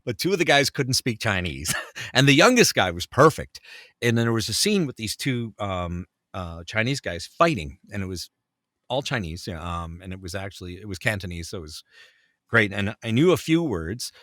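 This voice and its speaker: A man from Canada, a voice actor guest, telling animated anecdotes in casual chat and acting out the quotes. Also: on the low side, moderate pace, dry recording, clean studio sound. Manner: animated storyteller, acts out quotes.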